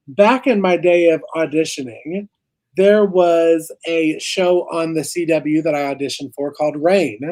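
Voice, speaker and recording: A woman's voice: deep voice, a little mellow, low-quality recording. A young woman co-hosting a casual live chat, a chatty and self-mocking storyteller. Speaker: co-host of a ranch livestream.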